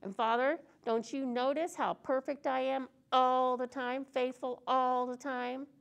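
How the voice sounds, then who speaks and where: A woman's voice: sits high, fairly even intonation, unhurried, vocal fry, clear, resonant tone. A woman voicing a bitter, self-righteous older brother, complaining indignantly to his father in a sermon retelling. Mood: whiny.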